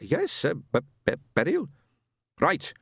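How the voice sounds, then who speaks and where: A man's voice: fairly high pitch, wildly swooping pitch, creaky, a bit bright, breathy edge, no echo, clean studio sound, voice pushed up, exaggerated voice. A man voicing the ghost of a husband who stammers badly and halts over every word. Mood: halting. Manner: heavy stammer, halting. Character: stammering dead husband speaking through a medium.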